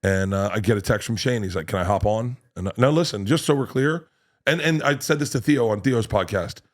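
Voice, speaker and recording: A male comedian guest telling a profane, animated story on a podcast. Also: on the low side. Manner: animated, swearing, quick storytelling with restarts.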